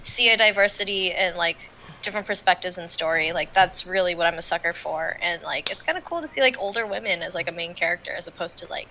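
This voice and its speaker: A woman's voice: on the low side, fast, pushed and bright, poor audio. A woman co-hosting a casual gaming podcast over a video call, rambling with lots of "like" fillers. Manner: rambling, heavy use of "like" fillers. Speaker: podcast co-host.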